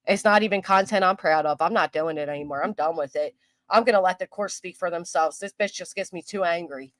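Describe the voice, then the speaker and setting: A woman's voice: on the low side, fairly quick, fairly bright tone, no room sound, poor audio. Heated, profane woman ranting on commentary. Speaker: commentary channel host. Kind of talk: angry commentary rant.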